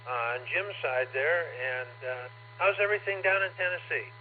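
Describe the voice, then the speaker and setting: A man acting as net control on an amateur radio net, calling out callsigns in a relaxed, hesitant way. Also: fairly high pitch, normal speed. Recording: tinny radio audio with faint hum.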